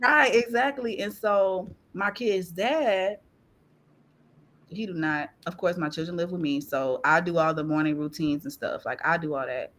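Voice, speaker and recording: A woman guest on a podcast, sharing a personal faith testimony in an animated, laughing, tearful storytelling way. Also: on the low side, measured pace. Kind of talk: testimony in casual chat.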